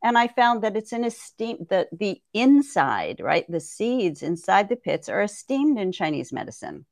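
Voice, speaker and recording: A woman's voice: mid-range voice, very animated, normal speed, gravelly, a little mellow, dry recording, studio quality. A woman herbalist guest on a podcast, explaining things thoughtfully and often checking in with "right?". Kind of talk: conversational podcast interview.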